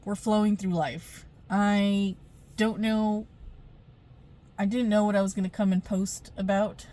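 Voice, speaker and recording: A woman's voice: mid-range voice, fairly even intonation, unhurried, dark tone. A middle-aged woman telling a rambling storytime vlog into her phone camera, chatty, with many fillers and frequent laughs. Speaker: spiritual vlogger.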